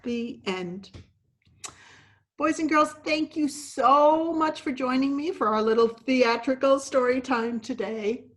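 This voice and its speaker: High animated woman doing theatrical storytime for little kids, slow, chats with them, whispers sometimes. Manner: animated, talks to young listeners, drops to whispers. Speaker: actress and teaching artist.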